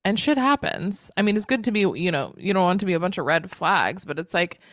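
A woman's voice: lowish voice, animated, a little fast, fairly bright tone, dry recording, studio quality. A woman co-hosting a podcast, speaking frankly and reassuringly in casual chat, with a mild swear here and there. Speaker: astrology podcast co-host.

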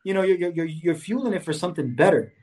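Co-hosting a laid-back discussion on anger, this man gives casual advice in a high, animated voice that's fast and a little mellow. Earnest throughout, he keeps adding "right?" and "you know," and his love of exercise shows as he brings up fitness.

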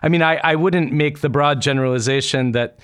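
A male podcast host asks questions in a measured, articulate manner. His voice is smooth and clear, recorded dry and close to the mic. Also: on the high side, a bit bright, dry recording. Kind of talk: interview conversation.

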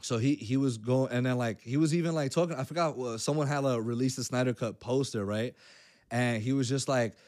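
A man hosting a podcast, chatting in a loose, animated way with plenty of slang and fillers. His pitch sits in an ordinary middle range, and his speech rises and falls with excitement as he tells stories. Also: brisk. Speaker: podcast co-host. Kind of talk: casual chat.

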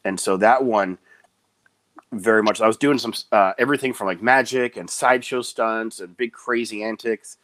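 A man in casual interview chat, an animated storyteller who slips into quick high voices when he quotes people. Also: dry recording. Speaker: guest, clown performer.

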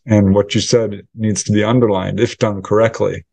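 A man's voice: lowish voice, moderate pace, creaky, no room sound. Man telling a story with quoted voices. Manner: animated storyteller acting out quoted dialogue. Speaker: UFO researcher and author, guest. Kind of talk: storytelling interview answers.

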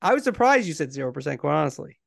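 A man's voice: fairly high pitch, very animated, racing, vocal fry. A middle-aged man co-hosting a podcast in casual chat, telling stories and laughing easily. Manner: chatty, storytelling, laughs easily. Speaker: podcast co-host.

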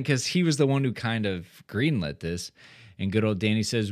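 A man's voice: lowish voice, moderate pace. A man co-hosting a casual podcast recap, rambling through his points with many fillers and trailing sentences. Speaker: podcast co-host.

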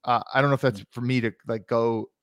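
A man's voice: medium pitch, steady tone, fast, no room sound, studio quality. A man co-hosting a sports podcast in casual chat, arguing his points at length. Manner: argumentative, explains at length. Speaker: podcast co-host.

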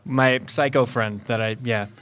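A man's voice: mid-range voice, steady tone, unhurried, a bit bright, clean tone. A man guesting on a podcast who drops dry one-liners into crude casual banter.

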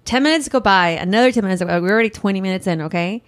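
A woman in her thirties in casual chat, an animated storyteller who acts out quotes. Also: mid-range voice, very fast. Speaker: podcast co-host.

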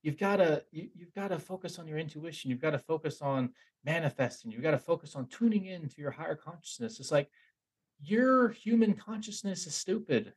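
A young man hosting a podcast, telling a story in a casual, animated, rambling way and poking fun at himself. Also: on the high side, fast, slightly rough. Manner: animated, rambling, self-mocking, with frequent restarts. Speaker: podcast host.

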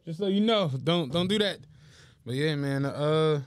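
A young man co-hosting a podcast, telling animated, profane stories in casual chat. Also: a little high, measured pace, smooth, no room sound. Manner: animated storytelling, swearing. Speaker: podcast co-host.

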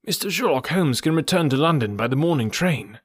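A man's voice: on the high side, expressive, fairly quick, no room sound, studio quality, voice pushed up. A man voicing an agitated, browbeaten headmaster who talks in a flustered, pleading way.

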